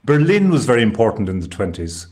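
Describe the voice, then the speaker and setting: A man's voice: on the low side, sing-song, quick pace, a little mellow. A man from Ireland co-hosting a live stream, chatting in a wry, storytelling way. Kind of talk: casual live-stream chat.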